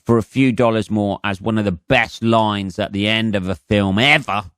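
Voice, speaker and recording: A man's voice: on the low side, fairly even intonation, normal speed, fairly bright tone, smooth, no room sound, studio quality. A man in his forties with an English accent, a comedian hosting his own podcast in a rambling, profane monologue full of fillers and restarts.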